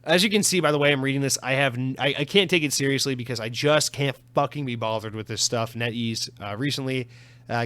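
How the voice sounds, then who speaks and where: A man's voice: medium pitch, fairly bright tone. Sarcastic man hosting a solo podcast. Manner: casual, sarcastic, swears freely. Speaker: podcast host. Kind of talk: solo news commentary podcast.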